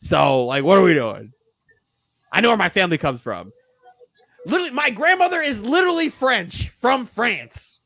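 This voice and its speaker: A man's voice: high voice, moderate pace, gravelly, no echo. A man co-hosting a casual sports podcast, arguing animatedly and swearing freely. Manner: animated, argumentative, swears a lot. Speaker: podcast co-host. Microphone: remote live stream setup.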